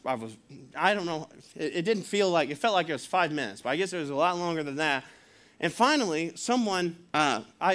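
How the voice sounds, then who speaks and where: A man preaching a sermon as pastor, excitable and rambling, restarting his sentences often. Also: sits high.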